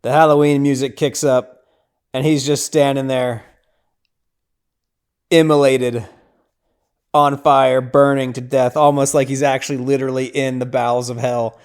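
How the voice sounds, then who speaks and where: Male podcast host, mid-range pitch, clear and resonant, casual chatty recap style. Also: flat delivery, unhurried, long pauses. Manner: chatty, lots of "like" and "right?". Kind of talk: casual scene-by-scene film recap.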